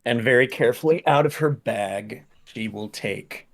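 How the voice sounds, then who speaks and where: A man playing a character in a tabletop game, speaking softly and hesitantly, describing his character's actions. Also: mid-range voice, moderate pace. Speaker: player.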